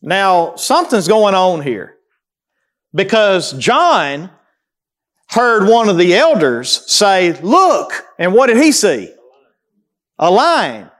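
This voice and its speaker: Preacher, man, high voice, emphatic teaching sermon with call-and-answer questions. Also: sing-song, slow pace, pauses often. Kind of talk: sermon teaching through scripture.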